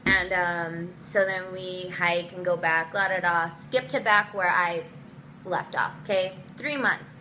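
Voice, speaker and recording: A young woman telling a personal story in a casual storytime vlog, animated, with lots of swearing and acted-out quotes. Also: slow, a little hiss or hum, poor audio. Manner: animated, swearing, quotes people in voices, dramatic pitch jumps.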